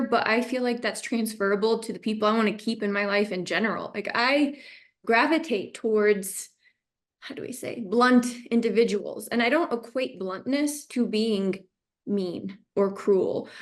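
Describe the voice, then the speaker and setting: A woman who is a guest on a podcast, chatting candidly and openly. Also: fairly high pitch. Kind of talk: casual interview chat.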